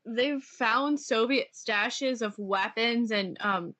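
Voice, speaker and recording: A woman's voice: on the high side, slow, fairly bright tone. A young adult woman, a podcast guest, chatting casually with hesitant "like"s and restarts. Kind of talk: casual chat.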